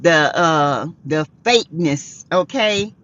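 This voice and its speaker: Speaking slowly in a low, animated voice with a slightly bright quality, this woman from South Carolina hosts a laid-back live chat. She seems tired yet laughs frequently and welcomes viewers by name. The sound is dull and lo-fi.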